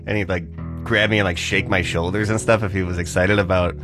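A man's voice: sits low, steady tone, brisk, music in the background. A man being interviewed, casually remembering a friend in a chatty, laughing way with lots of fillers. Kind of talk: casual recollection.

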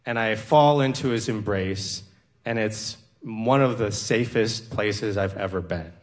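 Slow, earnest male storyteller. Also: on the low side. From American Midwest. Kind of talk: personal storytelling on stage.

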